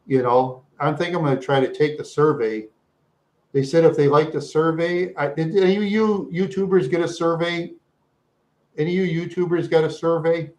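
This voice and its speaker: A man's voice: fairly high pitch, a little mellow. A man hosting a livestream, chatting loosely with his viewers, repeating himself and saying "yeah" a lot. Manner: rambling, repeats "yeah" and laughs often. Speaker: livestream host. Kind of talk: rambling livestream chat with viewers.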